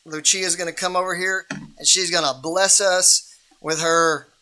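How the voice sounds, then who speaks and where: A man's voice: sits high, steady tone, measured pace, sharp tone. A man hosting a livestream Bible reading in a casual, rambling way, with many restarts and fillers.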